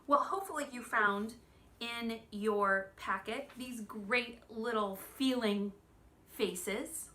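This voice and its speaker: A woman in her thirties giving a children's church lesson, gentle and expressive, asking the children questions. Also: a little high, slow pace.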